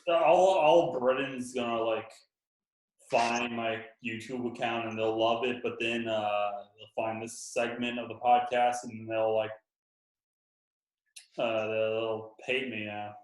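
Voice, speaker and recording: A man's voice: mid-range voice, fairly even intonation, takes it slowly, roomy sound, poor audio. A man hosting a podcast, chatting casually and joking, with lots of fillers. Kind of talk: casual chat.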